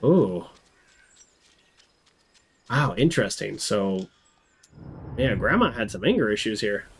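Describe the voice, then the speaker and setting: A man's voice: on the low side, big pitch swings, takes it slowly, a little hiss or hum. A man giving chatty, amused let's-play commentary, thinking aloud as he plays a story game. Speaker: game streamer. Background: game music.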